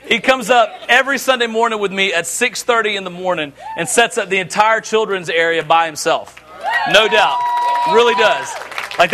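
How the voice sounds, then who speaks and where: A middle-aged man preaching a sermon, telling jokes and family stories with an animated delivery. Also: sits high. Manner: animated, joking storyteller. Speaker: pastor.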